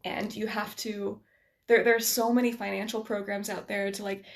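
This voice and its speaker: A woman's voice: mid-range voice, little pitch movement, moderate pace, gravelly. An American woman whose accent carries a slight Scottish influence, chatting casually as a guest, full of fillers and restarts. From United States. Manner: chatty, self-deprecating, many fillers and restarts. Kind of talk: casual conversation.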